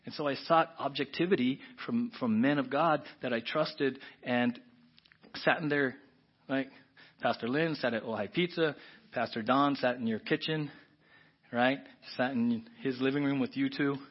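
A male pastor preaching a conversational, emotional sermon. He swings from hushed whispers to loud, emphatic bursts, with frequent restarts. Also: medium pitch, moderate pace. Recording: dull, muffled recording.

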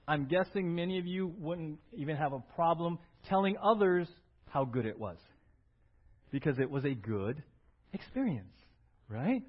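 A male pastor preaching a sermon in a church, acting out little scenes and swinging from loud to quiet. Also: slightly rough. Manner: animated, acts out little scenes with big swings in pitch and loudness. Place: church sanctuary. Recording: dull lo-fi church audio.

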